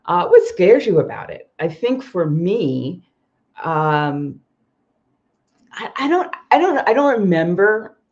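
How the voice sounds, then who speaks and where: A woman's voice: lowish voice, sing-song, slow pace, a little mellow. Chatty woman livestreaming, muffled audio. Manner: chatty, with frequent "um" and "uh" and self-corrections. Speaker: livestream host, expat coach. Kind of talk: casual personal storytelling.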